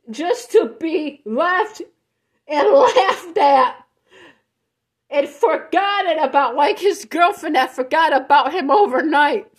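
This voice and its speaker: Woman vlog host, high voice, slow and rambling delivery; blunt, swears freely, restarts her sentences often. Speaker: show host. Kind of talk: casual reaction vlog, reading a post aloud and commenting.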